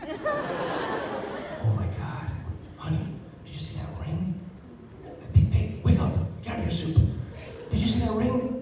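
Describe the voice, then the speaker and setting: A man voicing a starstruck woman diner who gushes in a shrill, breathless way, recorded from a distance in an echoey hall. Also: wildly swooping pitch, slow, pauses often, a crowd in the background, background noise, full character voice.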